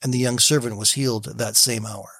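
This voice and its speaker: A man speaks to listeners to open their day, telling a story with easy, storytelling warmth and moving into scripture readings. His voice sits at a middling pitch and sounds close and dry, with no room around it. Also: steady tone, fairly quick, dry recording. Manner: warm storytelling, reads scripture aloud with gentle emphasis. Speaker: devotional radio host. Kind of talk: short morning devotional talk.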